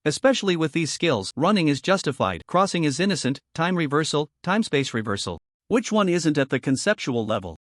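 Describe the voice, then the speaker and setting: Lively dry-voiced male story narrator. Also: a little high, brisk, few pauses, no echo. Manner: steady storytelling read with quoted character lines. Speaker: recap narrator.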